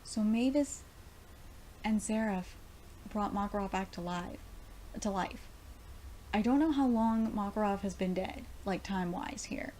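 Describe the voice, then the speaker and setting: Sex: woman. Role: manga reaction streamer. Style: live reaction commentary. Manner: emotional, exclaiming, rambling. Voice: mellow. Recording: faint hiss. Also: mid-range voice, a little slow, long pauses.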